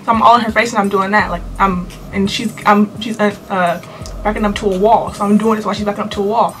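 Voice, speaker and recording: A teenage girl telling a storytime vlog to her camera in an animated, sassy way, full of slang. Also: mid-range voice, fast talker, soft background music. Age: teens. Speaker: vlogger.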